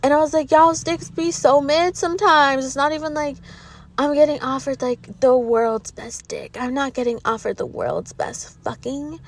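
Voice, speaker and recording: High-voiced woman venting on a vlog. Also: normal speed. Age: 30s. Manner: candid, profane, rambling, animated retelling. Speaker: social media creator. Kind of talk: casual storytime vent to viewers.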